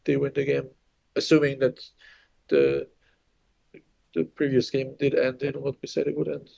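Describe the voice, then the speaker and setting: Gravelly French-accented male commentator. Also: mid-range voice, normal speed, highs cut off. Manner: relaxed, thinks aloud with restarts. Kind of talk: live board game commentary.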